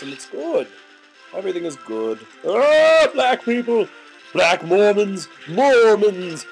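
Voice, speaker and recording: A man's voice: a little high, a little mellow, poor audio. A young man with a sore, gunky throat giving goofy gaming commentary full of silly outbursts. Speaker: let's play commentator.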